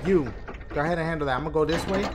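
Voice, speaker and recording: A man doing loud, profane let's play commentary, jumping to shouts when scared. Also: fairly high pitch, racing, very noisy. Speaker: gaming video host.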